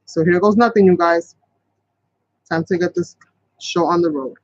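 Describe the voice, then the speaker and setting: A chatty man with a fairly high voice leads a casual live craft tutorial, rambling along as he works. The sound is dull and lo-fi, and the voice comes through dry and close with little room around it. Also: moderate pace, darkish tone, no room sound. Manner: chatty, rambling, talks to viewers as "you guys". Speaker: craft channel host.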